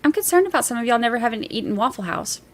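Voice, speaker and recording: A woman's voice: on the high side, lively intonation, rapid-fire. A woman hosting a casual livestream, reading viewer messages aloud and chatting in a rambling, easygoing way with easy laughs.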